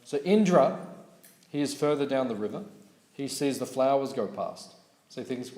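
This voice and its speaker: A man giving a morning scripture class at a temple, telling stories lively and checking in with his listeners. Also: medium pitch, moderate pace. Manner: lively storyteller, asks audience questions, laughs. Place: temple hall. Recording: echoey hall recording.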